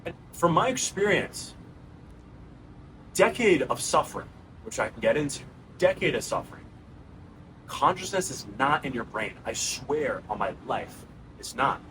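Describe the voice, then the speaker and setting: A man's voice: medium pitch, very animated, a little slow, pauses often, fairly bright tone, a little hiss or hum, low-quality recording. A man in his thirties with a New York accent, giving an earnest, casual monologue to his viewers and calling them bro and guys. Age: 30s. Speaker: channel host. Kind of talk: raw personal monologue to camera.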